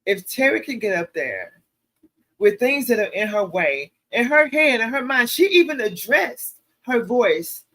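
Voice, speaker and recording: Bright punchy woman doing a live q&a, animated preachy storytelling, talks to viewers like y'all. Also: a little high, measured pace. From American South. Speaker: show host. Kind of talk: casual livestream Q&A talk.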